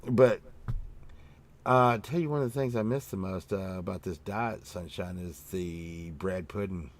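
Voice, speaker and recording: Guy with a lowish voice rambling through food stories, lots of uh and you know, swears now and then. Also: measured pace. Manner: meandering storytelling with swearing and many fillers; acts out his own past remarks in a raised voice. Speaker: host. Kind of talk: casual rambling chat.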